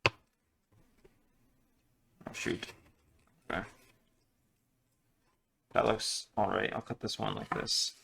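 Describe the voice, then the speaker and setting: A cooking vlogger rambles and jokes self-deprecatingly as he cooks at home in a casual video. His lowish voice barely moves in pitch and goes slowly with vocal fry and frequent pauses, sounding pushed, bright and slightly rough.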